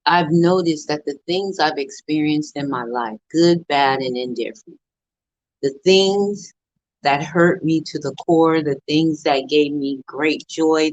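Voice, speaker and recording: Earnest and preacher-like, a middle-aged woman delivers a motivational talk on a live stream, repeating phrases for rhythm. Her voice is low and darkish, the recording has no echo, and the high frequencies are cut off.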